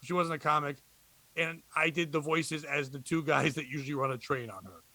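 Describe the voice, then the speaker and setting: Male comedy cohost, high voice, dry close sound, rambling banter. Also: brisk, pushed and bright, no room sound. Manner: rambling, joking. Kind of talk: casual comedy podcast chat.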